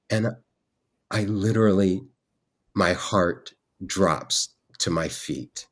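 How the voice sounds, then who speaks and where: A man, a guest artist on a podcast, telling an animated, self-deprecating story with frequent restarts. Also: low voice.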